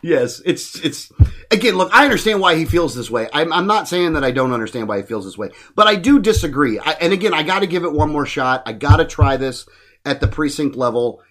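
A man with a slightly high voice talks fairly quickly while hosting a casual political podcast. He rants bluntly and animatedly, swearing freely.

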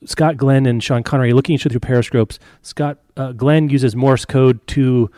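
Man, dry close-miked sound, mid pitch, wry riffing co-host. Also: fairly even intonation, dark tone, dry recording. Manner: wry, joking, quick asides and mock outbursts. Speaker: podcast co-host. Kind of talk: casual film discussion.

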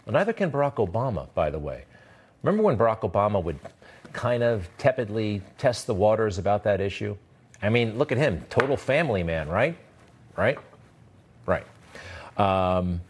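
A man's voice: on the low side, very animated, normal speed, husky. A man hosting a political commentary show, talking in a sarcastic, emphatic monologue full of rhetorical questions. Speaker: commentary host.

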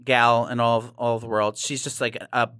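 A man chatting casually with a co-host, campy and self-deprecating, talking in an animated way. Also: medium pitch, a little fast, clear, resonant tone, dry recording, clean studio sound. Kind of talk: casual chat.

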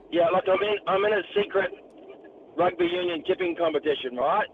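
Rambling caller on a tinny phone. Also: male voice, high voice, huge pitch swings, normal speed, vocal fry, background noise. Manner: eager, rambling, says like. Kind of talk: casual phone chat.

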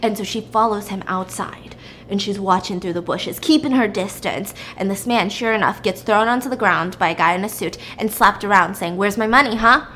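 A young woman retelling a story in a chatty, animated way, full of "like", as a podcast host. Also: medium pitch, normal speed, a little hiss or hum. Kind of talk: casual story recap.

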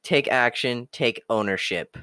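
A young man hosts a podcast in a blunt, profane monologue, swearing constantly and mocking others in whiny put-on voices. His voice sits at an ordinary middle pitch for a man. The close mic is very dry, with no room sound. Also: unhurried, pushed and bright, clean tone, no room sound. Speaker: podcast host.

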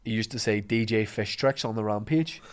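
A man's voice: lowish voice, normal speed, smooth. A Northern Irish man co-hosting a podcast, chatting casually, telling stories and laughing often. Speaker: podcast co-host. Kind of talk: casual chat.

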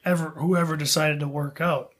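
A man's voice: a little high, steady tone, a little fast, fairly bright tone. A young man co-hosting a podcast, chatting casually and rambling with lots of "you know, like". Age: young adult. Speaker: podcast co-host. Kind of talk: casual chat.

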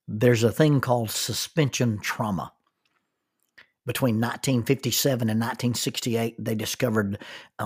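Husky man telling a folksy story. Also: fairly low pitch. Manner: folksy, self-mocking, shifts pace for effect. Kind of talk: casual personal storytelling.

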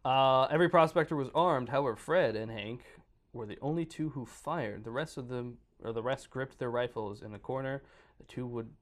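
A man of middle pitch co-hosts a podcast in casual chat. He reads a story aloud but keeps breaking off to joke and ramble. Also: normal speed. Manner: rambling, joking, breaks off into banter mid-story. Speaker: podcast co-host.

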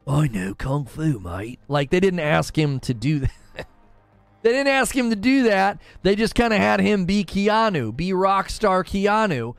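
A man hosts a casual gaming chat, his fairly high voice rising and falling a lot as he rambles from point to point. The sound is close and dry, with faint music underneath. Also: dry recording. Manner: rambling, conversational, answers chat questions. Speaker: gaming news host.

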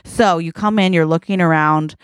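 A young adult woman co-hosting a podcast, improvising a comic story in a playful, brisk way with many asides. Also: on the low side, smooth, dry recording. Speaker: podcast co-host.

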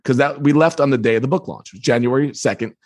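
A man, an author being interviewed, telling a story with energy and quoting others in lively voices. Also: mid-range voice, fast talker. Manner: quotes others in lively put-on tones. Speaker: author and guest. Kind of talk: animated storytelling.

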